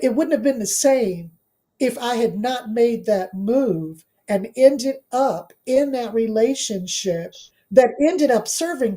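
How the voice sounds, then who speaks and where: A woman's voice: a little high, dark tone. A middle-aged woman from Washington, D.C., a law professor and author, telling her story in an interview, earnest and emphatic, repeating phrases for weight.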